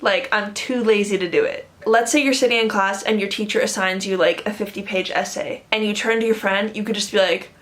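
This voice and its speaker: A woman's voice: mid-range voice, fairly even intonation, fairly quick, hardly any pauses, a bit bright. Young woman, North American accent, enthusiastic, emphatic, casual vlog explainer. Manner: enthusiastic, emphatic, lots of fillers. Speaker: language vlogger.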